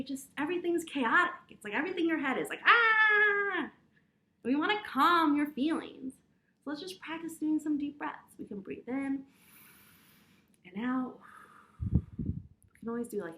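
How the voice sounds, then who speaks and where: A young adult preschool teacher speaks directly to young children, leading a gentle, encouraging lesson built around breathing exercises. Her voice sits high and keeps a moderate pace.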